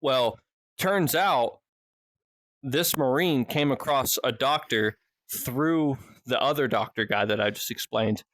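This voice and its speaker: A man's voice: mid-range voice, slow, fairly bright tone, no room sound. Rambling, foul-mouthed man telling a story. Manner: rambling, heavy swearing, frequent restarts. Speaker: podcast guest or host. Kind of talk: casual podcast storytelling.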